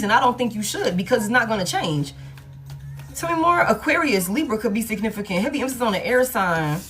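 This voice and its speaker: A woman reads tarot cards in a loose, blunt, profane way, thinking out loud as she goes. Her voice sits fairly high. Soft music plays underneath her. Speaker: tarot reader. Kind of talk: collective love tarot reading.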